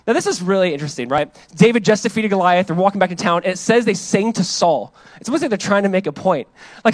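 A man in his thirties, a pastor, preaching a sermon in a casual, conversational way, full of fillers and animated when he reads or quotes. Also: high-pitched, quick pace, dry recording.

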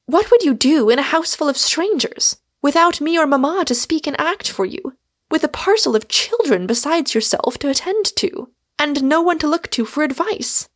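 A woman reading aloud, voicing a young woman as a teasing, incredulous elder sister in a storybook. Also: normal speed. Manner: incredulous, high and excited.

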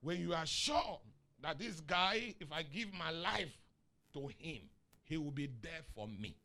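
A Nigerian man preaching a sermon, asking the congregation questions and rising into shouts on key lines. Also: on the high side, expressive, unhurried, vocal fry. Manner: asks the crowd questions and waits for answers. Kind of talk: sermon with call and response.

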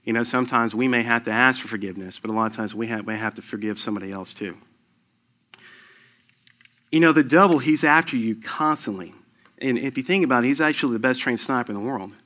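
This lay preacher, a man in his thirties, talks fast as he tells his testimony in an earnest sermon, pressing harder and harder on his points. His voice sits at a medium pitch and sounds bright and forceful.

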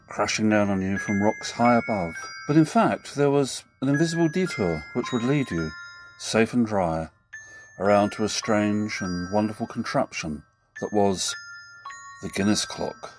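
A man narrating a scripted recollection in a measured, descriptive way. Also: lowish voice. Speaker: contributor recalling memories. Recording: music playing behind the voice.

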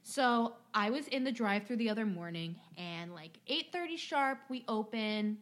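Animated woman telling stories. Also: a little high, moderate pace. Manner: animated, heavy use of "like". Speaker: podcast co-host and bank teller. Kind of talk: casual storytelling.

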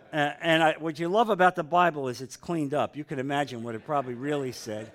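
A man's voice: fairly high pitch, quick pace, few pauses, a bit bright. Man reading scripture with chatty asides. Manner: reads aloud then breaks off with casual asides and humor. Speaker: Bible study leader.

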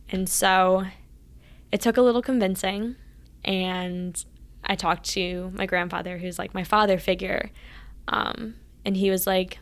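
Gravelly-voiced woman telling her story. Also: medium pitch, steady tone, a little slow. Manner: earnest, acts out past conversations with "I was like". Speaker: interview guest, former college athlete. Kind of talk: casual interview storytelling.

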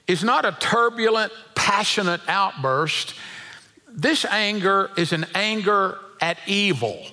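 A man's voice: high voice, bright, forceful tone. A middle-aged man preaching a sermon, telling folksy stories with chuckles and often repeating his words. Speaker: pastor.

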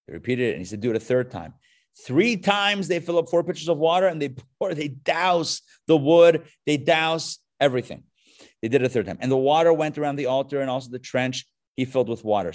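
A man teaching a text study class, reading verses aloud and breaking in with wry, joking comments. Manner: animated, jumps in pitch for emphasis. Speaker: Torah teacher.

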